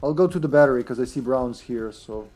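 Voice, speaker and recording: A man's voice: medium pitch, fairly quick, darkish tone, soft background music. Jokey man streaming a horror game. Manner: jokey, laughs often, trails off mid-sentence. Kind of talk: casual gaming chat.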